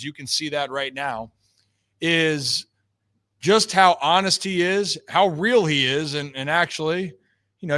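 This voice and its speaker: A man hosting a casual talk show, joking with his co-hosts and reading an ad. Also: a little high. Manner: loose, joking, animated. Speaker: show host. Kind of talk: casual chat and ad read.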